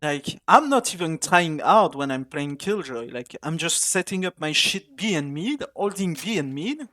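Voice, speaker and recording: A man with a slightly high, expressive voice talks at a moderate pace while streaming a competitive shooter live. He rants angrily at his teammates, complaining loudly and swearing heavily.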